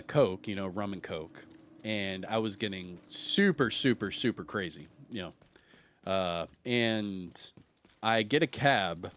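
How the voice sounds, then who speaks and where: A man in his thirties streaming a video game, telling a long story in a rambling, animated way with lots of fillers and laughter. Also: fairly low pitch. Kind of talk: casual storytelling while streaming.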